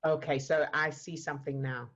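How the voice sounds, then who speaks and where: Woman, emotional coach, gentle step-by-step guidance, lower voice, muffled call audio. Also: fairly even intonation, moderate pace. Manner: gentle, guiding, explains step by step. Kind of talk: live online coaching session. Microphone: video call.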